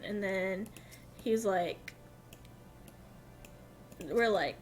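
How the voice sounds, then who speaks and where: High-pitched girl streaming a game, goofy and self-mocking, casual chat. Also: animated, moderate pace, pauses often, soft background music. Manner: playful, giggly, self-mocking.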